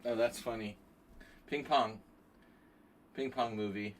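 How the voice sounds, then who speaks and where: Here a man streams blitz chess live, taking it slowly in a steady, medium-pitched voice. He reasons through his moves out loud and talks with his viewers over slight background noise.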